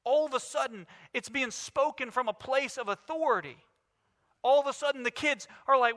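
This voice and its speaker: A man's voice: very high voice, normal speed, fairly bright tone. A male pastor in his thirties preaching a sermon with emphatic, rising declarations. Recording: reverberant hall.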